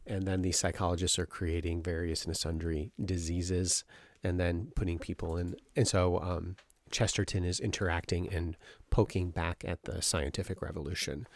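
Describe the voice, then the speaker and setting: A man's voice: low-pitched, no room sound. A man casually retelling and discussing a novel with friends, rambling with fillers. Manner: rambling, animated summarizing with filler words. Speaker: book club member.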